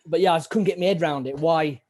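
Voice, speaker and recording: A man's voice: a little high, fast talker, a little mellow, a little hiss or hum. A man, an army veteran chatting casually as host, joking and acting out little scenes. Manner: chatty, swears and jokes, acts out scenes. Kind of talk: casual chat.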